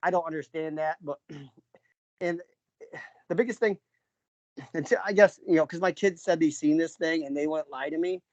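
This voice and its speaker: A man's voice: on the high side, normal speed, pauses often, dry recording. Rambling man from New York, lo-fi. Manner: rambling, many fillers and restarts, frequent throat clearing. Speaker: interviewee, father recounting an encounter. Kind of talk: casual spoken storytelling. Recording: dull lo-fi recording.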